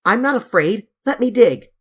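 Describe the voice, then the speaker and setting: An audiobook reader voicing an eager, stubborn young girl who cries out in high, loud, urgent pleas. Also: very animated, measured pace. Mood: alarmed.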